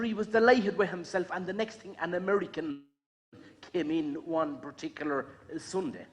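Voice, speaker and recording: A man's voice: sits high, fairly bright tone. An Irish man from the Midlands telling folksy jokes over a video call, chuckling at his own punchlines. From Ireland. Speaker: amateur comedian. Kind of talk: storytelling jokes.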